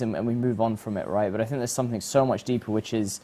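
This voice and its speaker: A man hosting a reflective religious talk, animated and acting out the voices he quotes. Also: mid-range voice, a little fast, hardly any pauses. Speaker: host.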